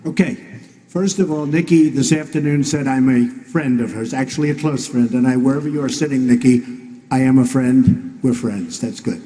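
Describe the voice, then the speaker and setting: A man's voice: mid-range voice, moderate pace, mellow, reverberant, in a large hall, low-quality recording. A man answering as a presidential candidate at a debate, blunt and repetitive in plain words. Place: large debate hall.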